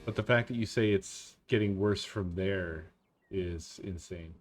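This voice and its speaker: A man's voice: low voice, a little slow, faint music behind. A man in a casual chat who laughs a lot and gives short reactions.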